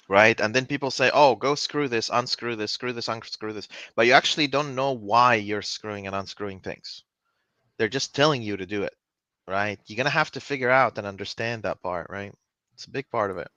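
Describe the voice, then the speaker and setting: A man hosting a casual conversation about software work, emphatic and often checking in with "right?". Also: lowish voice, no echo, muffled recording. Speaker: host.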